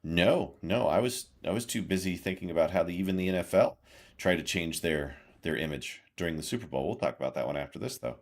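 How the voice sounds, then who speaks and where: A man's voice: low-pitched, lively intonation, brisk. A man co-hosting a political chat show, emphatic and sarcastic, his voice jumping up when he gets riled. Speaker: podcast co-host.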